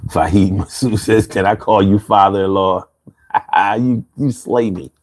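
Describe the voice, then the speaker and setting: A Philadelphia man in his fifties with a Philly accent hosts a laid-back livestream chat, reading comments aloud and laughing often. His voice is on the low side, fairly even in intonation, and a little slow.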